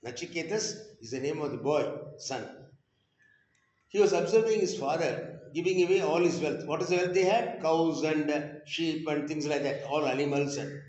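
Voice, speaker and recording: A man's voice: a little high, normal speed, darkish tone. A Tamil-speaking man, a spiritual teacher telling a scripture story in a conversational, digressive way, with rhetorical questions and wry asides. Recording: roomy, dull lo-fi recording.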